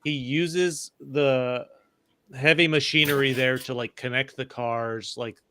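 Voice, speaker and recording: A man's voice: mid-range voice, steady tone, slow pace, sharp tone, slight background noise. A tipsy man co-hosting a film podcast, recounting scenes in casual chat. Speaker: podcast co-host.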